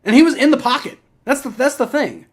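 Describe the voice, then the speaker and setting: A young man with a very high voice talks fast while hosting a live stream of a football game, swearing freely and rambling through excitable reactions and play-by-play.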